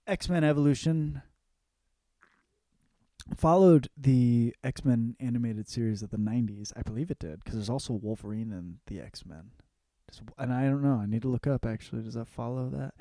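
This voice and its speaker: Man, young adult, comedy podcast host, rambling and profane, mellow dark tone, dry close sound. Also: medium pitch, moderate pace, no echo. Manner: profane, rambling, mimics movie lines. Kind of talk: casual comedic monologue.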